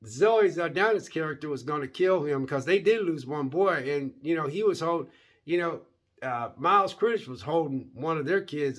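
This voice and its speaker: A man giving a casual, rambling movie review, repeating words and saying "man" often. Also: on the high side. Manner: folksy, animated.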